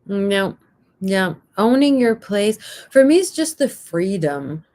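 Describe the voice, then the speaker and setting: A woman from Belgium, a livestream guest, chatting casually over a video call and often pausing and restarting her sentences. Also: medium pitch, sing-song, a little mellow. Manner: hesitant, many fillers and restarts. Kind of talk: casual chat.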